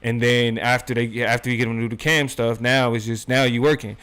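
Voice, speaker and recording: A man's voice: mid-range voice, little pitch movement, fairly quick, fairly bright tone, clean tone. Blunt, emphatic male podcast co-host. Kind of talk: casual commentary chat.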